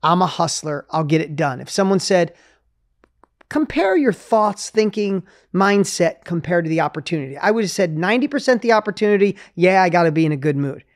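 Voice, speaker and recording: A man in his fifties hosting a podcast, talking in an energetic, coaching way and acting out inner voices. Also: high voice, a little fast, no echo, clean studio sound. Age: 50s. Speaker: podcast host. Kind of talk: motivational conversation.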